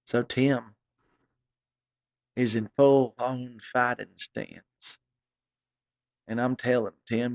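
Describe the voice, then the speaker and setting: A man's voice: medium pitch, drawn-out words, creaky, pauses often, no room sound. Guy rambling thru a crude funny story, swearing a lot, dry dull recording. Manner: rambling, profane, excitable.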